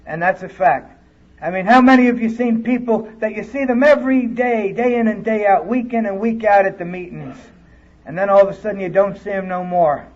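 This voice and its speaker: A man's voice: high-pitched, fairly quick. A man speaking candidly at a recovery conference, telling his story in plain, earnest words. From California. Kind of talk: personal recovery talk. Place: conference hall, live audience. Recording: dull lo-fi tape recording.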